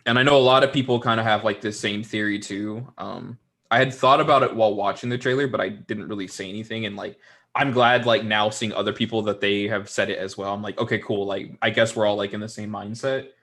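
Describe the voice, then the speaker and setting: A young man with a fairly low voice talks in a loose, rambling way, leaning on fillers like "like" and "um." He co-hosts a casual chat show and tosses in mocking asides now and then. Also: fairly even intonation, fairly quick, pushed and bright. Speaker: podcast co-host.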